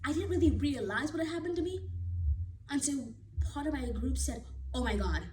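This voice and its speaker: A woman with a fairly high voice tells a personal story to her viewers in a casual, lively way. She leans into the drama and swings between energy and quiet. A faint hiss sits under her voice. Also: a little fast, low-quality recording. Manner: animated, dramatic retelling. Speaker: vlogger.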